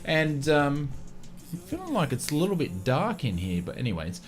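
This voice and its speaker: An Australian man with a high, very animated voice hosts a live stream, chatting warmly with viewers and filling gaps with ums. Faint music plays behind him. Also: normal speed. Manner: chatty, friendly, many fillers. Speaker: flight sim streamer.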